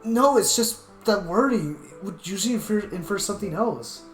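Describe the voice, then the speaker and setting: A man's voice: medium pitch, fairly quick, natural voice. A man reading the part of a flustered young man in a visual novel, hesitant and self-conscious. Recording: roomy echo with guitar music.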